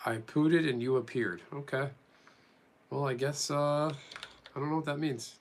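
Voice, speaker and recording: A man's voice: medium pitch, steady tone, unhurried, a little hiss or hum. A man chatting casually with viewers during a live stream, rambling as he reads and answers them.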